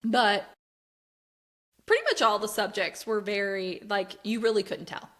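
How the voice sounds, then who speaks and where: A woman's voice: medium pitch, a little slow. A middle-aged woman co-hosting a casual podcast, telling stories and acting out quotes with bursts of laughter. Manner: animated storyteller, acts out quotes with loud laughs. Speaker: podcast co-host. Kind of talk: casual chat.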